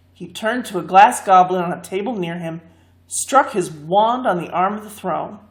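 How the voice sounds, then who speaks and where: A woman reading a fantasy story aloud, expressive and lively. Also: lowish voice. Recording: echoey room.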